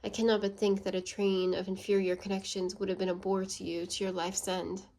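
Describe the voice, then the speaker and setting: A woman voicing a blunt, proud and sarcastic English gentleman in a storybook reading, with a scolding manner. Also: medium pitch, flat delivery, fairly quick, close to an everyday voice.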